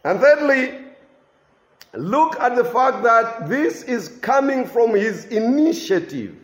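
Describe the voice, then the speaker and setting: A man preaching at a slow, deliberate pace, his high voice swinging widely between lifted and lowered tones. He leans into key phrases and repeats them for weight. The sound carries the echo of a reverberant room. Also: sing-song. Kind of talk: sermon.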